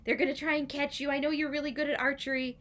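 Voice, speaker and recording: A woman's voice: sits high, flat delivery, quick pace, a bit bright, pitched above the performer's own voice. A woman voicing a clever, patient young maiden who talks politely and earnestly in a storybook. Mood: worried.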